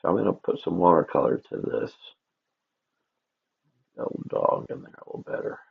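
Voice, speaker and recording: A man rambles through a live drawing stream, talking to himself and to his viewers. His voice sits very low, with a gravelly, husky edge. His pitch rises and falls a lot as he talks, and the audio sounds a little dull and lo-fi. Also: big pitch swings, moderate pace. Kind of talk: casual livestream chat while drawing.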